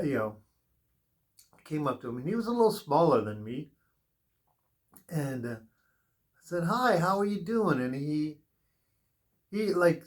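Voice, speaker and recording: A man giving a spiritual tarot reading in an earnest, rambling, advice-giving way, drifting into personal stories. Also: mid-range voice. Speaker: tarot reader.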